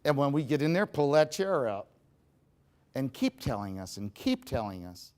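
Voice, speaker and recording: A middle-aged man giving a humorous seminar talk to a live audience, animated and joking, speaking straight to the crowd. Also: medium pitch, normal speed. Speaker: motivational speaker.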